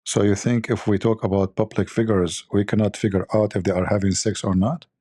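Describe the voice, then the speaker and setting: Host type: husky, low-voiced man, mocking and rambling as he jokes. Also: level tone, fairly quick, warm tone, no echo, studio quality. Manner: mocking, rambling, thinks aloud. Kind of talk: joking commentary.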